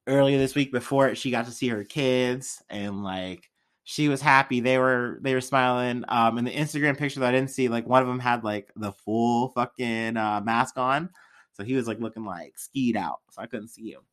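A man's voice: mid-range voice, normal speed, a bit bright. A young man hosting a casual podcast, rambling loosely with lots of fillers and swearing. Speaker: podcast host. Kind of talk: casual solo podcast chat.

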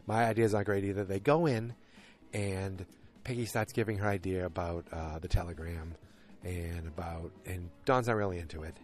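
A man's voice: deep voice, normal speed. A man hosting a podcast, rambling casually with lots of fillers and restarts. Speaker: podcast host recapping a TV show. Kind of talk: casual chat.

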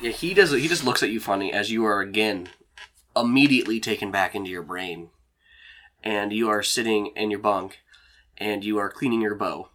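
A man's voice: fairly low pitch, moderate pace. A man narrating as game master, rambling with lots of fillers. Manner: rambling, filler-heavy, relaxed.

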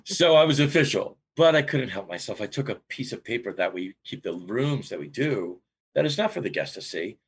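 A man guest on a podcast, telling a long personal story in an animated way with big swings in pitch. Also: gravelly, a little hiss or hum. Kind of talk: storytelling interview.

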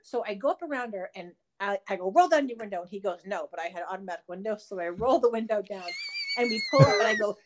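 A woman's voice: medium pitch, quick pace. Foul-mouthed woman telling a story. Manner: animated, profane storytelling. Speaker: podcast co-host. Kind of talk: casual chat.

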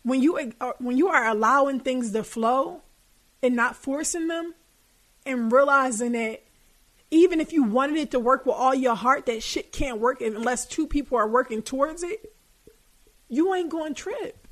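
Young woman podcast host, a little higher voice, blunt and profane, casual advice talk. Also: moderate pace. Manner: candid and profane, colloquial.

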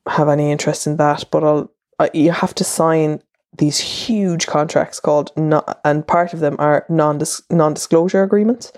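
In a low-pitched, darkish voice, this Irish podcast host and columnist in her thirties talks on and on, chatty and self-interrupting, her monologue drifting and starting over. The clean studio recording is dry.

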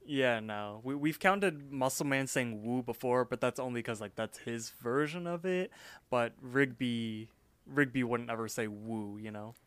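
A male podcast co-host talks through a cartoon episode in a relaxed, chatty style. His voice sits at an ordinary pitch. The recording is dry, with almost no room sound. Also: measured pace, smooth, dry recording. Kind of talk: casual episode recap.

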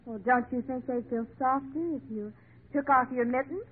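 A woman's voice: high voice, moderate pace, background noise. A woman playing a sweet, flirtatious guest in a 1940s radio comedy. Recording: tinny lo-fi old radio.

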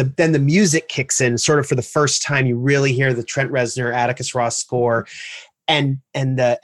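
An interviewer praising a film with eager, halting enthusiasm before asking questions. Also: medium pitch, no room sound, studio quality. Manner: enthusiastic, many fillers and restarts. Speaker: interviewer, podcast host.

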